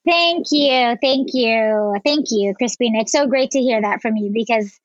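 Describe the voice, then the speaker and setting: A woman's voice: on the high side, moderate pace, no echo, lo-fi sound. A woman entrepreneur guest telling stories effusively, full of "like" and "you know". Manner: effusive storyteller, lots of "like". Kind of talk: casual interview chat.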